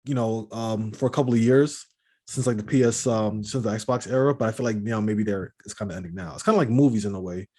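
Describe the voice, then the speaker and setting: A man's voice: lowish voice, quick pace, mellow. A man co-hosting a gaming podcast in casual chat, rambling with many restarts and fillers. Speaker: podcast co-host.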